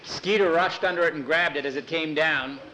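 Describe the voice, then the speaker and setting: A man spinning a folksy tale aloud in a bright, slightly high voice. He pauses and fills gaps as he goes, with faint background hiss. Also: poor audio. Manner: homespun, halting with fillers. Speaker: storyteller. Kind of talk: folksy oral storytelling.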